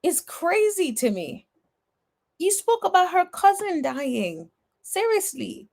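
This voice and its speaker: A woman's voice: extremely high pitch, very animated, slow pace, gravelly, a little mellow. A woman giving blunt, sassy reaction commentary on a reality TV episode, talking straight at the cast members. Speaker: reality TV recap vlogger.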